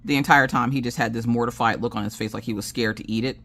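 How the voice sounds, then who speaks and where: A woman with a Southern American accent hosts a crafting channel, chatting casually as she works in a fast, creaky bass voice that stays steady and sounds fairly bright. She tells long family stories, acting out everyone's lines and swearing freely.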